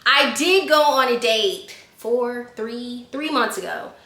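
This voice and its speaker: Woman vlogger, 20s, lively storyteller, bright tone, roomy sound. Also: on the high side, takes it slowly. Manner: animated storyteller, laughs at herself. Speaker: vlogger answering viewer questions. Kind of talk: casual chat.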